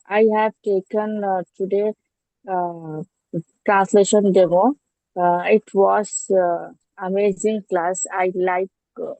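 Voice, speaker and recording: Slow, hesitant woman practicing English. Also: fairly low pitch, mellow, dry recording, low-quality recording. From India. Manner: hesitant, many pauses and restarts. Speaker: English learner. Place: at home. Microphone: online class audio.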